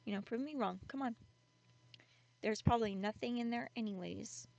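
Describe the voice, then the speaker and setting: A woman's voice: a little high, normal speed, gravelly, darkish tone, dry recording, muffled recording, pitched above the performer's own voice. A woman telling a story, voicing a young woman who goads and mocks her friend in a casual, teasing way. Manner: teasing, goading.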